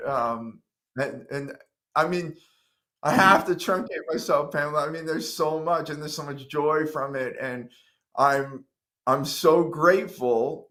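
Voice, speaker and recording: A middle-aged man speaks with a fairly high, light voice. He tells his story earnestly as a talk-show guest. He gets animated and acts out the things he once said to himself. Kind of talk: interview storytelling.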